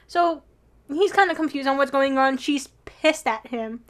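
A young woman with a notably high voice chats excitedly about a drama episode. She gushes and giggles, squealing over her favourite scenes. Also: measured pace. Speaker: co-host recapping a drama. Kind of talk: casual chat.

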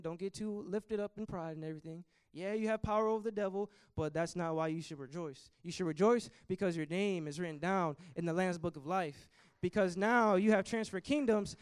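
A man's voice: high voice, brisk, darkish tone, clear, resonant tone, dry recording, studio quality. A young man preaching a youth sermon, passionate and rising in volume when he quotes scripture. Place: church.

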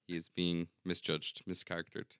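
Deadpan young man, very deep and flat. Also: normal speed, smooth, no echo, studio quality. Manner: deadpan, mock-formal. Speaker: podcast guest, roommate. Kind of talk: casual chat.

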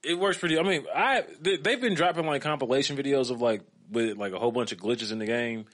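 A man's voice: medium pitch, fast talker, a bit bright. A man co-hosting a podcast in casual chat, loose and laughing, with lots of fillers. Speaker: podcast co-host.

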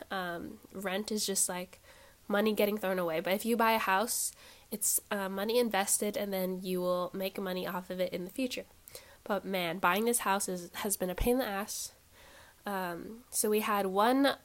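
A woman in her twenties with a stuffy nose, hosting a casual solo podcast and rambling through life updates with lots of ums and likes. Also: medium pitch. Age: 20s. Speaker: podcast host.

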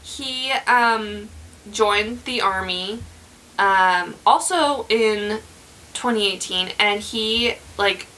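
A woman's voice: medium pitch, drawn-out words, pushed and bright, low-quality recording. A young woman hosting a podcast, telling a true crime story in casual chat, rambling with many fillers and restarts.

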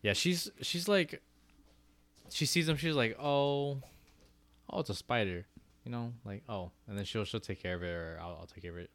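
A young man co-hosting a casual podcast, talking in a relaxed, hesitant way with many pauses and fillers. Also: fairly low pitch, no room sound. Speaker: podcast co-host. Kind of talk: casual chat.

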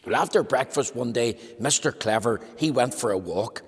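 Male preacher, children's address; animated, slightly husky, reverberant hall. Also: normal speed. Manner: animated storytelling, lively pitch.

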